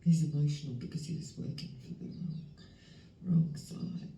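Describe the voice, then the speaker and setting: A woman, giving a spiritual tarot reading in a slow, emotional, halting way that sometimes drops to a whisper. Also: low voice, fairly even intonation, mellow. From Western Australia. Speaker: tarot reader. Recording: roomy, distant mic, faint background noise.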